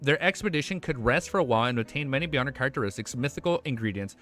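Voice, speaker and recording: A young man on a livestream chats casually with his viewers and reads a web novel aloud, excitable and swearing freely. His mid-range voice races along, with faint music behind him.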